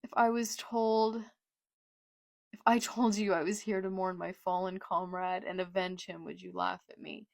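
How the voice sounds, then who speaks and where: A woman reading a manga live and reacting, excitable and gushing, with gasps and exclamations, reading character lines aloud plainly. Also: lowish voice, moderate pace, creaky, dry recording, clean studio sound. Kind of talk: live read-along reaction.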